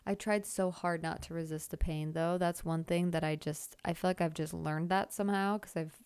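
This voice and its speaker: A woman's voice: lowish voice, steady tone, normal speed, darkish tone, clean tone, no room sound. A young woman hosting her own podcast, telling a rambling, chatty story full of fillers and self-deprecating jokes. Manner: lots of filler "like". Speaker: podcast host. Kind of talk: casual storytelling monologue.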